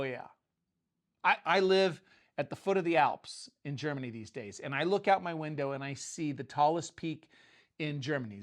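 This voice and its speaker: A middle-aged man giving a casual, conversational sermon, retelling scripture loosely with frequent restarts. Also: a little high. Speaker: preacher.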